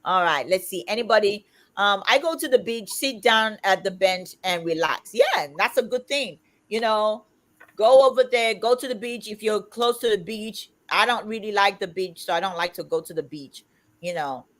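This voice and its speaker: Woman, fifties, livestream host, loud, blunt, emphatic, casual chat. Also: mid-range voice, moderate pace. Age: 50s.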